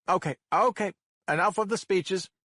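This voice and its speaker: A man voicing a tired, impatient female judge who speaks briskly and firmly. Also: high-pitched, a bit bright, no echo, clean studio sound, pitched above the performer's own voice. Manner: brisk, firm, no-nonsense.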